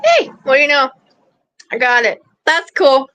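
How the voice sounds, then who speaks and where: A woman's voice: high voice, sing-song, measured pace, sharp tone, poor audio. A woman hosting a casual livestream, rambling chattily and breaking off to scold or coo at her dog outdoors. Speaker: livestream host. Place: outdoors in a yard.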